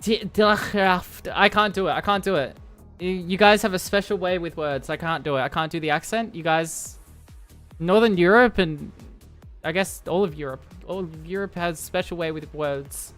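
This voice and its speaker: A woman's voice: lowish voice, moderate pace. A young woman streaming live, chatting with her viewers in a playful, rambling way. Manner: playful, rambling, talks to chat. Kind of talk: casual live-stream chat. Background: faint music.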